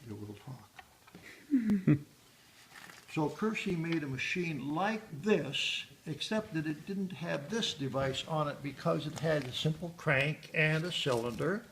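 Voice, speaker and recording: A man's voice: a little high, a little slow, fairly bright tone. A man giving a museum tour, explaining exhibits in a rambling way with many hesitations and restarts. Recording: echoey room, faint background noise.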